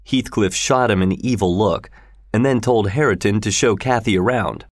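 A man narrating a story in a steady, measured way. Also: fairly low pitch, no room sound, clean studio sound. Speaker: audiobook narrator.

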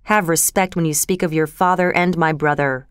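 A woman voicing a cruel, cold aristocratic marquis in a storybook reading, with a smooth, dry voice. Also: sits low, steady tone, normal speed, no echo, lightly acted. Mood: stern. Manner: cold, dismissive.

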